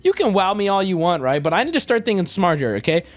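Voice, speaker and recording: A man's voice: high voice, fast. A man streaming, telling stories in casual chat with lots of swearing. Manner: animated, profane storytelling.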